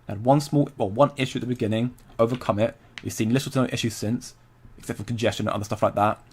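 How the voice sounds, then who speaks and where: A man's voice: medium pitch, fairly even intonation, fast, a little mellow, husky. Chatty man hosting a livestream. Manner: chatty, reads and answers viewer comments, laughs often. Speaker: crypto livestream host. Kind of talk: casual livestream chat.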